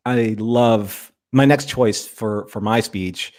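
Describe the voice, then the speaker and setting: A man's voice: lowish voice, slow pace, a little mellow. A man co-hosting a podcast, talking in a rambling, enthusiastic way about a favorite show. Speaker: podcast co-host. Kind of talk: casual fan discussion.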